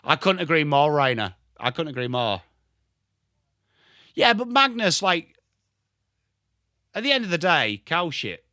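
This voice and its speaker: A young Englishman with an English accent hosting a live football watchalong stream, excitable and sweary, rattling off player names, tired from little sleep. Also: a little high, unhurried, long pauses, dry recording, clean studio sound. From England. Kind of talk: live commentary and chat stream.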